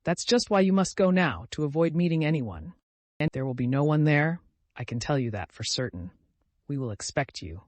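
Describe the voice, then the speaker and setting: A man's voice: a little high, lively intonation, normal speed, no room sound. A man voicing an earnest young man in an audiobook who urges and pleads with firm emphasis. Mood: urging. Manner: emphatic, urging. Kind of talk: audiobook character reading.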